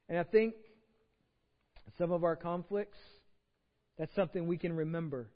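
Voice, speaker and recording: A high-pitched man from Texas preaches a conversational sermon, asking rhetorical questions and repeating words as he goes. His voice rings with the long reverb of a church sanctuary. The audio sounds dull and muffled. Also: steady tone, normal speed, long pauses. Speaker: pastor.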